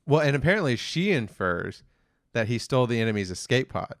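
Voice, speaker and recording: Brisk and medium-pitched, this man's voice is recorded in a clean studio with no room sound. As co-host of a review podcast, he retells an episode casually and meanders, dropping frequent fillers and quoting the characters flatly.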